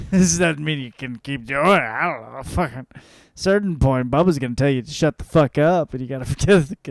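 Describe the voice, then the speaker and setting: A man's voice: mid-range voice, no room sound. Profane rambling man, dry close sound. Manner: profane, rambling, laughing at his own jokes. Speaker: podcast host. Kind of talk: casual comedic monologue.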